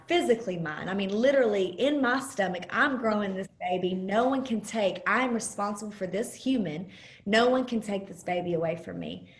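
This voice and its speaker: A woman giving an earnest, halting personal testimony as a guest speaker over a video call, pausing often with fillers. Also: medium pitch. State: close to tears at times. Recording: roomy video call audio.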